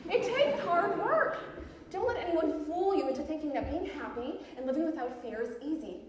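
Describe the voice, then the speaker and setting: An actress playing a brash, pushy self-help author on a theatre stage, talking with giggly, nervous laughs. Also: female voice, high voice, lively intonation, normal speed. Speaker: self-help author giving a book talk. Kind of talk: live stage theatre monologue. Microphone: far room mic in the audience. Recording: echoey, distant theatre hall recording.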